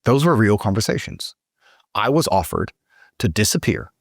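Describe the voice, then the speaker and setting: A man talks as a podcast guest, telling his story in a heated and profane way. His pitch rises and falls a lot. The room sounds dry, with no echo. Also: very animated, normal speed, creaky, slightly rough. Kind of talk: podcast interview.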